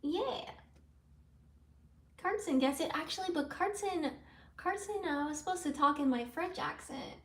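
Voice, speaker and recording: Woman live streamer, high voice, rambling chat answering comments, recorded from a distance in an echoey room. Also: moderate pace. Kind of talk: casual livestream chat with viewers. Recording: roomy sound from away from the mic.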